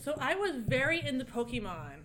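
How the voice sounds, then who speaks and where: A woman's voice: sits high, very animated, brisk, crowd noise. Sheepish woman guest telling a story. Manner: sheepish, self-mocking storytelling. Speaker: audience guest. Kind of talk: storytelling at a live show.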